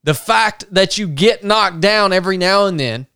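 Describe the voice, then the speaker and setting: A man with a high, bright and crisp voice hosts a podcast, recorded dry and close. He delivers a motivational point emphatically, using repeats and rhetorical questions. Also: moderate pace, dry recording. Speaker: podcast host. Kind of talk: motivational talk.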